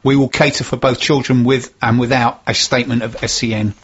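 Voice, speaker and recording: A man's voice: mid-range voice, little pitch movement, a little fast, a bit bright, breathy edge, highs cut off. A man presenting on local radio, steadily reading community announcements and carefully spelling out details.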